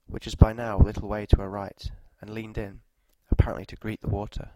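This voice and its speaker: Male narrator, dark and mellow tone, flat and measured, for a scripted story read. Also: on the low side, no echo, poor audio.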